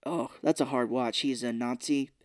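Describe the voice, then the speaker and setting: Man, podcast co-host, casual movie recap, animated, swears a lot, dry close sound. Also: normal speed, dry recording. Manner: animated retelling, acts out characters' lines in high voices; swears freely.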